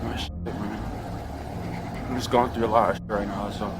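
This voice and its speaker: Subdued halting man on body cam. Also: lowish voice, level tone, heavy background noise. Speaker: detained young man.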